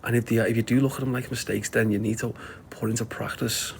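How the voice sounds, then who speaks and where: A man's voice: medium pitch, steady tone, quick pace, gravelly, a little hiss or hum. A middle-aged man with a Scouse accent, hosting a casual livestream and giving blunt, sweary life advice to viewers. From Liverpool, England. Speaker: live stream host answering viewer comments.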